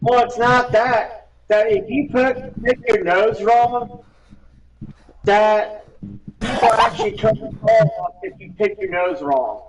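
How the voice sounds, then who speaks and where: A man's voice: sits high, very animated, takes it slowly, slight background noise. A man chiming in from the side with offhand jokes. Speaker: friend chiming in. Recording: distant, dull lo-fi pickup.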